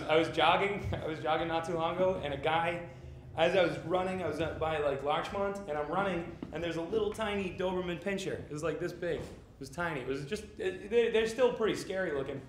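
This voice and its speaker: High-voiced comedian on an echoey stage. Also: male voice. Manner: rambling, halting, absurd deadpan storytelling. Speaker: stand-up comedian. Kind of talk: live stand-up set. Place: small theater stage before a live audience. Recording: echoey theater with audience laughter.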